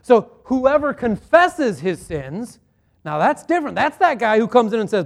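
High-voiced man preaching a sermon. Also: big pitch swings, moderate pace, vocal fry. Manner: earnest and conversational, with rhetorical questions. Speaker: pastor.

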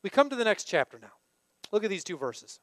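A man's voice: high-pitched, big pitch swings, brisk, a bit bright, no room sound. A man preaching a sermon in a conversational way, often putting questions to his listeners. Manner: conversational, asks the congregation questions. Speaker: pastor.

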